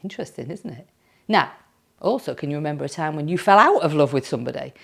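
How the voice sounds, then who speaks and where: A woman's voice: sits low, animated, fast, vocal fry, fairly bright tone. A woman with a Yorkshire accent, a speaking coach talking playfully and directly to camera. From Yorkshire, England.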